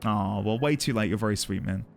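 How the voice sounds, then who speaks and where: A man's voice: fairly low pitch, brisk, creaky, soft background music. A man streaming a game, rambling and flustered as he thanks his chat effusively.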